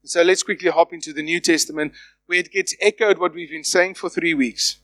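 A man preaching a sermon, animated and playful, acting out quoted voices as he goes. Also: fairly high pitch, a little fast, no room sound. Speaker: pastor.

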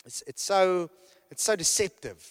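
A man delivers a sermon with a fairly high voice that rings out through a hall with a long reverb tail. He speaks with emphasis, restarting and repeating phrases as he drives his points home. He keeps turning to the room with rhetorical check-ins. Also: animated, measured pace. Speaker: preacher.

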